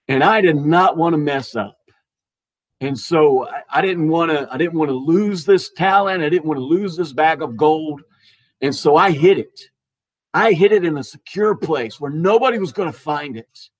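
A man voicing a fearful male servant who speaks hesitantly and apologetically in a retold parable. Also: a little high.

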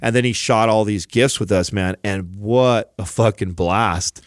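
A man co-hosts a podcast in a casual, story-driven way, slipping into other people's voices when he quotes them. His voice sits on the low side, and the studio sound is close and dry. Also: a little slow, no echo. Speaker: podcast co-host. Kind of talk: casual chat.

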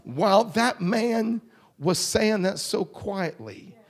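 A man preaching a revival sermon, swinging from hushed, quiet lines to shouted whoops. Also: high-pitched, lively intonation, slow.

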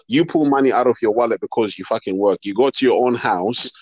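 A man's voice: mid-range voice, quick pace, slightly rough, dry recording, dull audio. A young man, talking emphatically in slangy casual chat as a podcast co-host.

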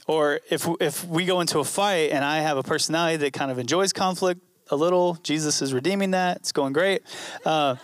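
Man, pastor, earnest conversational sermon, slightly high voice, dry close sound. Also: fairly quick, dry recording. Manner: earnest, conversational preaching with repeated phrases.

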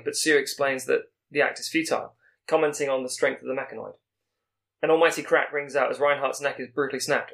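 Fast-talking man summarizing a plot. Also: medium pitch, vocal fry, fairly bright tone. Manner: brisk summarizing with small stumbles and restarts. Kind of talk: plot recap narration.

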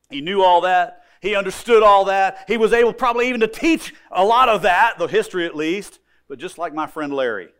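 A man preaching a sermon as pastor, telling the story dramatically and swinging between loud emphasis and quiet asides. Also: high voice.

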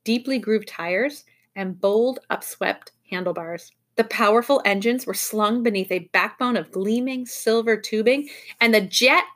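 A woman teacher reading a children's novel aloud to her class in an expressive, lively way. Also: fairly high pitch, measured pace.

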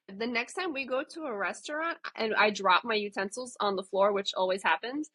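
A woman's voice: medium pitch, a little fast, few pauses, a bit bright, slightly rough, no room sound. A woman co-hosting a casual educational podcast, adding remarks and jokes to the conversation. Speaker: podcast co-host.

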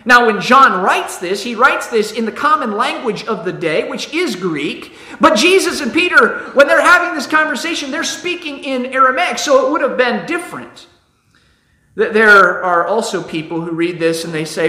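Man, pastor, sermon, high bright voice, conversational restarts, echoey room. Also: lively intonation, normal speed. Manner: conversational, with repeated restarts and acted-out quotes.

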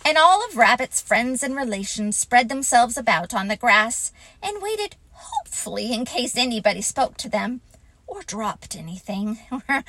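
A woman reads a children's story aloud, slow and gentle, with a lively, rising and falling melody. Her voice sits fairly high and sounds close and dry. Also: no room sound, rough recording.

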